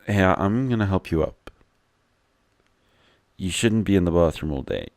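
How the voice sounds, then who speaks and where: A man voicing a kind young woman roommate from a game, speaking gently and matter-of-factly. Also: sits low, animated, measured pace, creaky, exaggerated voice. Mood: gentle.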